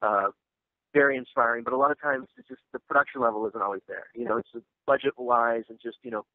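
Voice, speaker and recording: A man's voice: mid-range voice, fairly even intonation, quick pace, dry recording. A man being interviewed about his film, talking casually with lots of fillers and restarts. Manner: rambling, full of fillers and restarts. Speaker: actor and filmmaker guest. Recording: tinny dry phone line.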